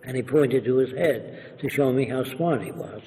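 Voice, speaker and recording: A man's voice: mid-range voice, normal speed, in a large hall, poor audio. An older man, an interview guest, telling anecdotes and acting out the people in them. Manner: animated, acts out quoted voices. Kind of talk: anecdotal storytelling.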